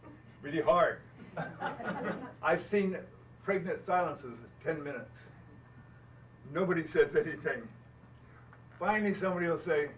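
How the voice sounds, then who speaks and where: Speaking slowly with long pauses, a boat builder entertains an owners' gathering with homespun tales of his craft, often chuckling at his own expense. He's an older American man with a fairly high pitch, captured from a distance in a rough recording with light hiss or hum and faint background ambience.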